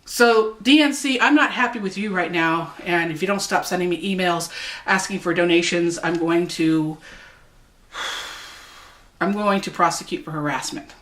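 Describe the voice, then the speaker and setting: A woman's voice: on the low side, moderate pace, fairly bright tone. A woman vlogger delivering an angry, profane political rant to the camera. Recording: echoey room.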